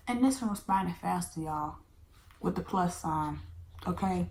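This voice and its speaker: A woman's voice: lowish voice, measured pace. Chatty young woman, echoey room. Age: 20s. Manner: chatty, animated, drops into whispers. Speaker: vlogger. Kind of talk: casual storytime. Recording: echoey room, faint background hum.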